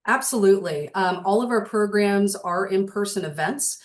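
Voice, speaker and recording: A woman's voice: medium pitch, moderate pace. Friendly woman explaining over a video call. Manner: friendly, explanatory, uses fillers. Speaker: nonprofit board member, guest.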